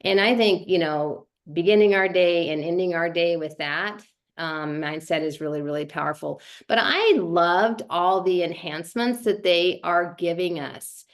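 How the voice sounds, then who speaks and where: A woman's voice: lowish voice, a little slow. A woman sharing her thoughts on a group call, chatty and full of fillers. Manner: chatty, many fillers and restarts.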